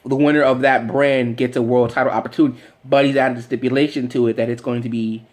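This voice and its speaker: A man vlogger rambling excitedly in casual fan commentary, with lots of fillers and restarts. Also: medium pitch, fast.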